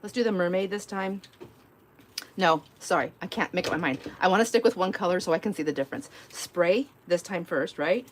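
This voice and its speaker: A woman's voice: lowish voice, brisk, a little hiss or hum. A middle-aged woman hosting a live crafting stream from home, chatting casually and telling a rambling story full of fillers and giggles. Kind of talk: casual chat while crafting.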